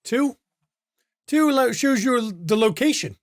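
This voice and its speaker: A man's voice: very high voice, animated, takes it slowly, no echo, clean studio sound. Man running a tabletop game. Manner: descriptive, calls rolls and difficulties. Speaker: game master.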